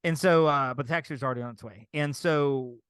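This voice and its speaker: Here the male co-host speaks fast at a medium pitch, his tone clear and resonant, with no echo in the room. He spins an animated story during relaxed podcast talk, acting out the quotes of himself and others.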